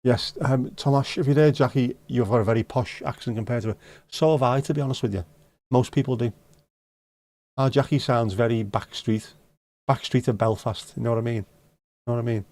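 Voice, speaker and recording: A middle-aged man hosts a relaxed live stream. He reads viewers' comments aloud and teases them in a joking, conversational way. His voice sits at a middling pitch and is recorded close up with a dry, deadened sound. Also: brisk, no room sound. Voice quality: joking, teasing banter. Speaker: livestream host. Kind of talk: casual chat reading out viewer comments.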